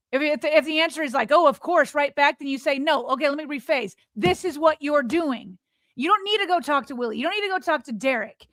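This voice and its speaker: A woman's voice: high-pitched, quick pace, fairly bright tone, no echo, studio quality. A woman co-hosting a sports podcast, arguing emphatically and firing off rhetorical questions in exasperation. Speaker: podcast co-host. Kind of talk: heated sports podcast argument.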